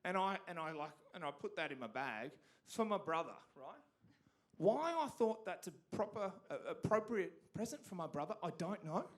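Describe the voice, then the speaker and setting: An Australian man doing stand-up on a theatre stage, telling stories animatedly and punching up the big lines loudly. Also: high-pitched, moderate pace. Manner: animated storytelling with sudden loud punchlines. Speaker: stand-up comedian. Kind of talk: stand-up comedy set.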